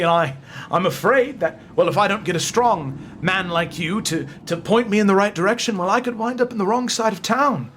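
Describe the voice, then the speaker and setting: A man's voice: high voice, fairly bright tone, voice pushed up. A man voicing an old wandering male bard who stammers politely, then turns coldly threatening.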